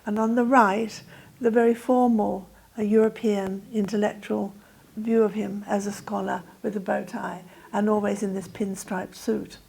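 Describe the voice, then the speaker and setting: An older woman giving a measured academic lecture to an audience, with some fillers and restarts. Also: mid-range voice, level tone, creaky, darkish tone, breathy edge, low-quality recording. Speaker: guest speaker. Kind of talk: lecture talk.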